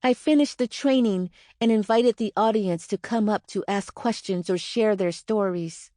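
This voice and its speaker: A woman narrating her own nonfiction audiobook in a measured, earnest reading on a close studio mic. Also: mid-range voice, dark tone, no echo.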